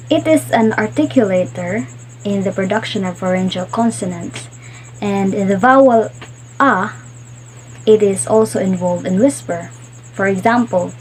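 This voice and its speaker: Slow-talking woman giving a lesson. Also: mid-range voice, darkish tone, a little hiss or hum, poor audio. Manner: explains slowly, repeats example words. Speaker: student teacher. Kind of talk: classroom lecture.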